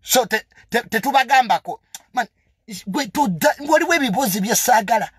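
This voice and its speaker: A man's voice: very high-pitched, expressive, a little fast, breathy edge, no echo, studio quality. A young man with a Ugandan accent delivering a heated, confrontational monologue full of emphatic repetitions. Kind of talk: heated monologue mixing English and Luganda.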